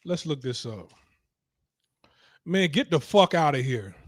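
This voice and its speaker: A young adult man with a slightly high voice, hosting a casual stream. He talks bluntly and profanely, dismissing what he reads with animated scorn. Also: a little slow, no room sound. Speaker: streaming talk show host. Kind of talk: casual reaction commentary.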